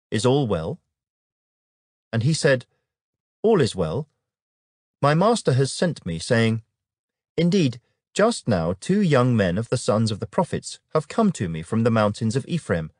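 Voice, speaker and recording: A man reading scripture aloud in a measured, solemn narration. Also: mid-range voice, sing-song, a little mellow, no echo, clean studio sound. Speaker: Bible reader.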